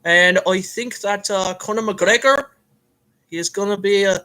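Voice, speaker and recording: A man's voice: high-pitched, measured pace, bright, forceful tone, rough recording. A man voicing a self-styled Irish fight commentator with a put-on, slightly off Irish accent, in comic play-by-play that is hammy and full of rambling fillers. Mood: mock-formal. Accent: put-on Irish, admittedly a bit off.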